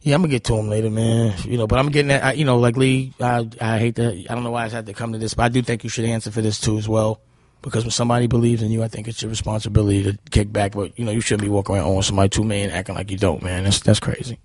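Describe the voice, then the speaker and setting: A man's voice: lowish voice, flat delivery, rapid-fire, a little mellow, no room sound. A man, telling stories bluntly and heatedly in a casual interview. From Harlem, New York. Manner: blunt, heated, repeats "you know what I'm saying". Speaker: guest.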